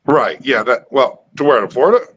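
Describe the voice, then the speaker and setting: A man hosting a casual live stream chat, talking in a relaxed way and often repeating words as he starts his sentences. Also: mid-range voice, brisk, slightly rough, rough recording.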